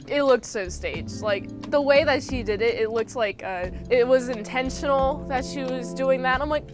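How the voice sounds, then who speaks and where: A high-pitched woman rambles through a movie recap, joking and tossing in slang like "frickin'". She talks in loose, informal runs with lots of asides. Music plays clearly underneath her voice. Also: normal speed. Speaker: movie reviewer.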